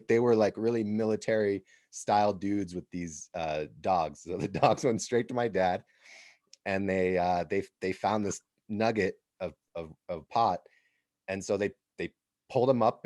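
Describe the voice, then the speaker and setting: An American man hosting a podcast, telling a travel story in an animated, casual way and laughing as he goes. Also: fairly low pitch, no room sound, studio quality. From United States. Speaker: podcast host.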